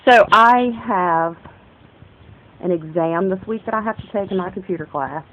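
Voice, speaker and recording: A woman's voice: on the low side, moderate pace, narrow, tinny audio, slight background noise. A young woman from the northern United States talking in a rambling, casual vlog monologue, often jumping between topics and interrupting herself. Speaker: vlogger.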